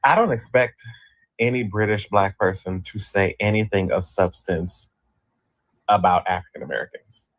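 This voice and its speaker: Very deep-voiced blunt man, dry sound. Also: dry recording, poor audio. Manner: blunt, deliberate. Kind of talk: opinionated commentary.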